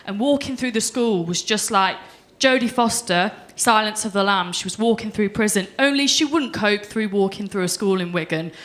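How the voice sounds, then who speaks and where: A young woman performing a deadpan stand-up set on a comedy club stage. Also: mid-range voice, normal speed. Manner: deadpan storytelling with voiced quotes.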